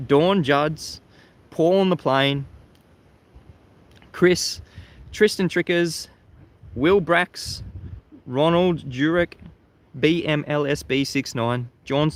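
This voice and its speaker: Outdoors facing the sea at sunrise, an Australian man hosts a casual livestream, reading chat and talking chattily to viewers. He laughs often and repeats words as he restarts sentences. His voice is on the high side, slow, with long pauses.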